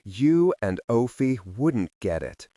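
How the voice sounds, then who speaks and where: Cast: a man as a wry, curious young woman, soft and hushed at times. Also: medium pitch, sing-song, slow, dry recording, clean studio sound. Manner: soft-spoken, turns to whispers.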